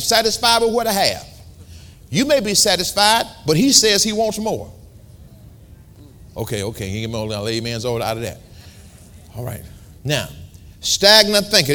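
Brief: male pastor mid-sermon, bright, forceful tone, colloquial, repeats phrases, calls out to the congregation in a church. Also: high-pitched. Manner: repetitive, colloquial, emphatic preaching. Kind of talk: sermon with call and response. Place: church sanctuary.

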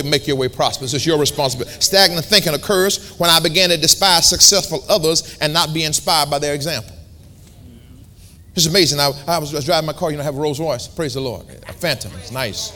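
A pastor preaching in a church, repeating key words and calling for congregation responses in a colloquial, emphatic manner. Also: male voice, fairly high pitch, sharp tone. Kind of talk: sermon with call and response. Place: church sanctuary.

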